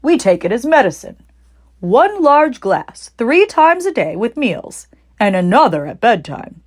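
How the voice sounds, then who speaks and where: A woman reading aloud as a hearty old male badger in a storybook, slow and relishing. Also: fairly high pitch, big pitch swings, voice pushed up.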